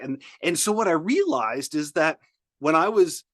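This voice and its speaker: A man being interviewed as a guest speaker, telling lively stories with many restarts. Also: fairly high pitch, a little slow, no echo, clean studio sound. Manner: energetic storyteller, many restarts. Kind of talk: podcast interview.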